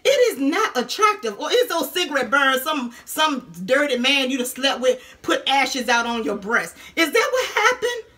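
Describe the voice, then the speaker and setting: Sassy high-voiced woman roasting on camera. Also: lively intonation, sharp tone. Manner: sassy, taunting, drawn-out "honey" and "girl". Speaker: YouTube vlogger.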